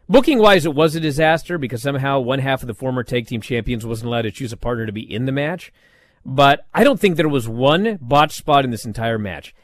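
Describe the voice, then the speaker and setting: Animated man recapping wrestling. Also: mid-range voice, dry recording, studio quality. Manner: animated storytelling with frequent fillers. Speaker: wrestling show reviewer. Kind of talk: casual podcast recap.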